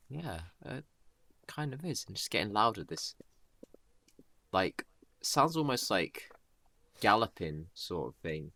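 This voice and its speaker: A man with a very low voice that still comes through bright and forceful spins a loose, rambling story. He talks in a casual, laid-back way, full of "like" and "you know." The sound is dry and close. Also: very animated, takes it slowly, vocal fry, pauses often, dry recording. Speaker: storyteller improvising a tale.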